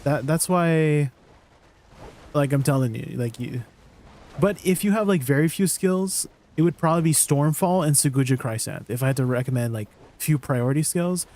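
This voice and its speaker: A man's voice: fairly high pitch, moderate pace, a little mellow. A man streaming a game, chatting casually and rambling, often asking his chat questions and laughing easily.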